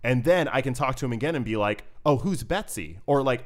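A man co-hosting a casual chat about video games, lively and quick to laugh, acting out little quotes as he talks. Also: medium pitch. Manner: animated, laughs often, acts out quotes. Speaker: podcast co-host.

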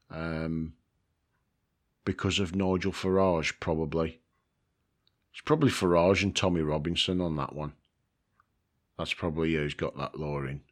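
Slow rambling man. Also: deep voice. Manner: rambling, chuckling, sweary, with fillers. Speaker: vlogger. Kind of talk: casual chat.

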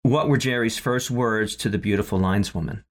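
A man's voice: on the low side, a little fast. A man co-hosting a casual chat, recapping a sitcom episode with many fillers, restarts and laughs. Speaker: podcast co-host.

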